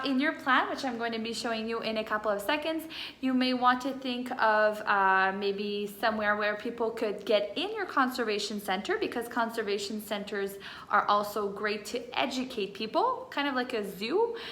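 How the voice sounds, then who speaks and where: Bright-voiced woman teaching first graders. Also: on the high side, animated, normal speed. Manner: patient explaining with many fillers. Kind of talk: recorded classroom lesson for children. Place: home room with whiteboard. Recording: echoey room.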